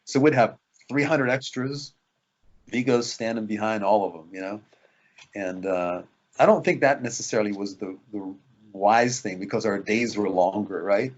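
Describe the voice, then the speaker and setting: A male actor sits for a relaxed interview and tells behind-the-scenes stories with lively energy, acting out quotes and laughing often. His voice is husky, and the recording sounds somewhat dull and lo-fi. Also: lowish voice, moderate pace. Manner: animated storyteller who acts out quotes and laughs often. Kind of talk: casual interview storytelling.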